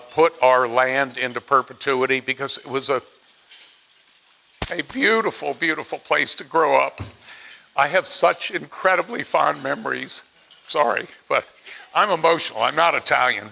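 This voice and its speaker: Chatty bright-voiced man in his late seventies. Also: mid-range voice. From Pennsylvania, USA. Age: 70s. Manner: chatty, self-deprecating, acts out quotes in his stories. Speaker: after-dinner speaker. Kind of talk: anecdotal after-dinner speech.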